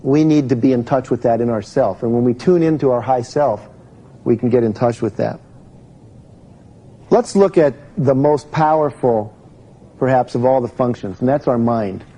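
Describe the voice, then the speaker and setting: This is a live self-help seminar where a man talks conversationally to a full room and invites questions from the crowd. His medium-pitched voice is mellow and moderately paced, on low-quality audio.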